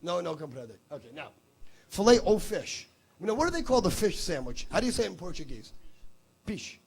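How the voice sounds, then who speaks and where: A man's voice: high-pitched, big pitch swings, brisk, creaky. A male stand-up comedian doing crowd work on stage, brash and teasing, with profanity. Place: comedy stage before a live audience.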